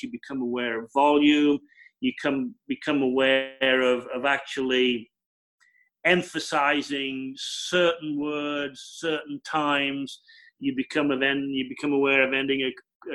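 A man who works as a television presenter, explaining his craft in an emphatic, animated way during an interview. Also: fairly high pitch, low-quality recording. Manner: animated, emphatic storytelling with repeated phrases. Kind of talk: conversational interview answers.

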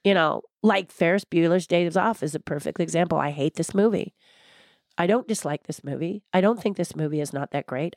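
An older woman being interviewed, talking in a passionate, blunt and animated way. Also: fairly low pitch, fairly quick, dry recording, studio quality. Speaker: guest, former theme park designer. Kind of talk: candid interview conversation.

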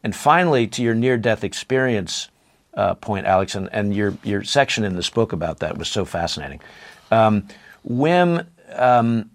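A man talking earnestly and enthusiastically as a podcast guest, often restarting his phrases. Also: on the low side. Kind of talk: podcast conversation.

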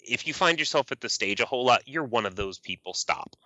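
Male podcast co-host, bright tone, teasing and casual, dry lo-fi sound. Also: medium pitch, expressive, fairly quick, no room sound. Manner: teasing, laughs a lot.

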